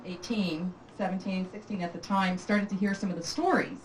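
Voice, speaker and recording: A woman in her forties giving a warm, reminiscing birthday toast of thanks. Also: mid-range voice, steady tone, normal speed, a crowd in the background. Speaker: toast giver at a birthday party. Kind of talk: thankful speech. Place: room at a family party. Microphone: far camcorder. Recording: echoey room from far off, noise.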